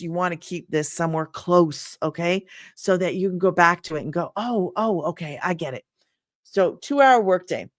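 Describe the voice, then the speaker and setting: A woman's voice: fairly low pitch, dry recording, clean studio sound. A middle-aged woman giving a casual, chatty livestream lesson from home. She laughs often and drifts easily off track. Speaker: online business coach. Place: home room.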